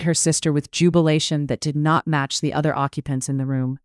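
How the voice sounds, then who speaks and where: An audiobook narrator telling a period romance in a measured, even read. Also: medium pitch, clear, resonant tone, dry recording, clean studio sound.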